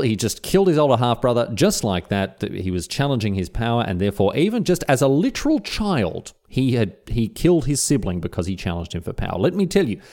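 A man's voice: on the low side, darkish tone. A man with an Australian accent, a podcast host telling history in a casual, irreverent, slang-filled way.

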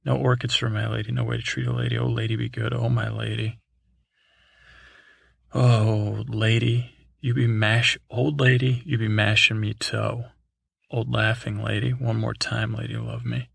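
A man's voice: on the low side, little pitch movement, unhurried, creaky, a bit bright, breathy edge, no echo. A man hosting a sleep podcast, reading through a long list in a drowsy way, with chuckles, asides and bits of song. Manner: breaks into snatches of song. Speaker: podcast host.

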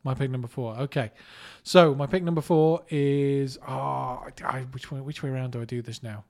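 A man from England co-hosting a casual movie podcast, jokey and quick to laugh. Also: medium pitch, fairly even intonation, vocal fry. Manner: jokey, laughs often, slips into put-on voices. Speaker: podcast co-host.

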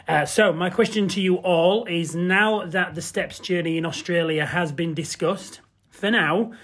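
Effusive man with a husky, higher voice. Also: a bit bright. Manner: flamboyant, effusive, self-mocking. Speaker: listener sending a voice note. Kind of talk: recorded voice message.

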